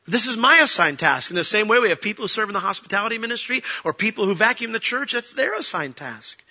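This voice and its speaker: A man preaching a sermon as pastor, lively and acting out the people he quotes. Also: sits high, fast, breathy edge, highs cut off. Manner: animated, acts out quoted voices.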